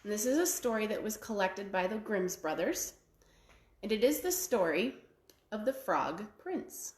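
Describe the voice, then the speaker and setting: Expressive woman telling a fairy tale. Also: mid-range voice, roomy sound. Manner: expressive and drawn-out. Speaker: library storyteller. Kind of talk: storytelling for children.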